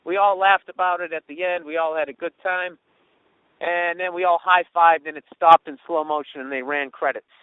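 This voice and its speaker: A man hosting a comedy podcast, telling a story in a profane, animated way and mimicking the people in it. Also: fairly high pitch, normal speed, clear, resonant tone, dry recording, narrow, tinny audio. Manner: profane, animated, does mocking voices of others. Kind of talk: storytelling monologue.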